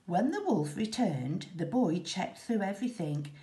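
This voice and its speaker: A woman teacher reading a children's story aloud in a slow, expressive, rhythmic way. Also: medium pitch, slight background noise. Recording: echoey room.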